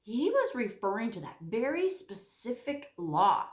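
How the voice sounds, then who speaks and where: Animated woman teaching in an echoey room. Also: fairly high pitch, a little slow. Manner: animated, acts out quoted voices. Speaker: Bible teacher. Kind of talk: casual Bible teaching talk.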